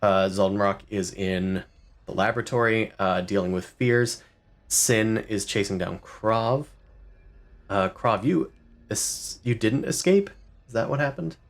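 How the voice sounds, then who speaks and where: A man's voice: on the low side, a little slow. A man acting as game master, loosely describing scenes and making rules calls. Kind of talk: running a tabletop game.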